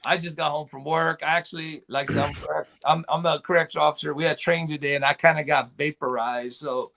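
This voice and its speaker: Gravelly-voiced excited man chatting. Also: a little high, fast talker. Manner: excited, rambling fan talk. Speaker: podcast guest. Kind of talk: casual chat.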